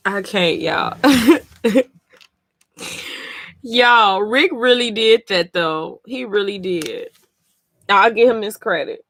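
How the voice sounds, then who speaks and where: A woman's voice: mid-range voice, slow, pauses often, a bit bright. A woman streaming live as she reads comics aloud and reacts, emotional and blunt, swearing freely between passages.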